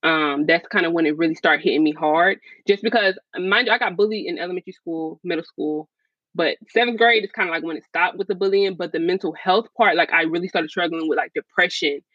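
A woman's voice: fairly low pitch, a little fast, no echo. A woman guest on a podcast interview, telling her own story frankly in casual talk full of fillers. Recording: slightly dull, dry sound.

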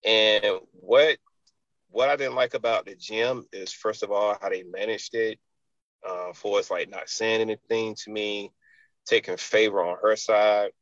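Male fitness entrepreneur, low fried voice, rambling interview storyteller, dull lo-fi sound. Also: steady tone, a little slow, fairly bright tone, no room sound. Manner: loose, rambling, many "you know" fillers.

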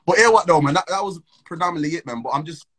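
A man's voice: fairly high pitch, fast talker, a crowd in the background, poor audio. A young man, telling a story in casual, slang-filled chat and laughing between phrases. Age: young adult.

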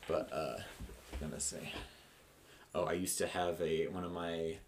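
A man's voice: sits low, fairly even intonation, a little slow, a little hiss or hum. A man co-hosting a casual podcast at home, rambling and laughing with playful asides. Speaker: podcast co-host. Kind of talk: casual chat.

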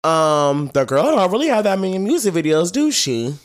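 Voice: medium pitch, sing-song, normal speed. A young adult podcast co-host in casual chat, playful and slangy, swearing freely.

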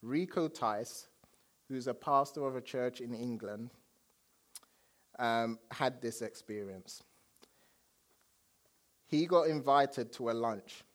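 A man preaching a sermon as a pastor, telling stories with dramatic swings from loud declarations to hushed asides. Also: medium pitch.

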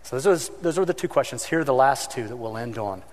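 In a large hall, a male pastor talks fast in a mid-range voice during his sermon. He spins stories animatedly, voicing the people in them and acting out the times he shouted.

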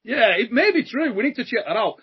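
A high-pitched, bouncy man hosts a podcast with a husky edge to his voice. He jokes and banters in quick slang over a slightly muffled remote call. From Britain. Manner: lively, joking, slangy. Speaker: podcast host.

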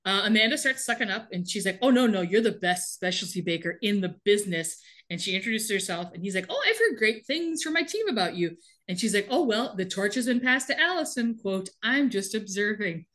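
A woman's voice: medium pitch, animated, brisk, fairly bright tone. A woman co-hosting a casual podcast, animatedly retelling a TV episode and laughing often. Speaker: podcast co-host recapping a TV episode. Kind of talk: casual chat.

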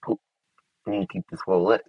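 Husky low-voiced man chatting through gameplay. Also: wildly swooping pitch, fast talker, no echo, phone-quality sound. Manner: chatty, talking to himself while building. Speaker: gameplay streamer. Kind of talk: casual gameplay commentary.

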